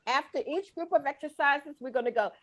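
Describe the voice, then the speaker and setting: A woman's voice: sits high, brisk, a bit bright. A middle-aged woman leading a guided breathing and laughter class over a video call, playful, folksy and coaxing. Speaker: laughter exercise instructor.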